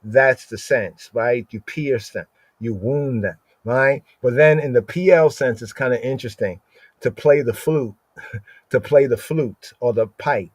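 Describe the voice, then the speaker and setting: A man teaching from scripture on a livestream, reading Hebrew verses slowly and explaining each word, asking "right?" after nearly every phrase. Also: medium pitch, dry recording. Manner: explains Hebrew words aloud, repeats "right?" constantly; slows down to read Hebrew verses. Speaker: Bible teacher.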